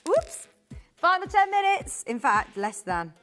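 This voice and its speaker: A woman presenting on a live shopping channel, chatty and bubbly, quickly rattling off prices and buyer names in a studio. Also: very high-pitched, sing-song, a bit bright, soft background music. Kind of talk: live TV sales patter.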